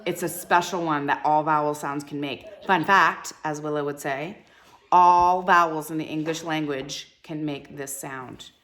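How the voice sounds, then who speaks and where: A woman teacher leading a live classroom phonics lesson, sounding out syllables slowly and encouraging her students. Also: deep voice, steady tone, a bit bright. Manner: slow, drawn-out syllable sounding.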